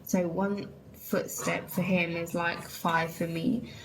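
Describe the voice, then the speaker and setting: A woman's voice: on the low side, flat delivery, slow pace, noisy background. A young woman from England, chatting candidly to viewers and saying "like" and "literally" a lot. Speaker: vlogger. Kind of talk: casual chat.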